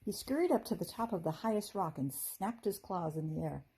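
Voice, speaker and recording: A woman teacher reading a children's chapter book aloud in a gentle, expressive storytelling manner. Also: lowish voice, fairly quick, breathy edge, poor audio.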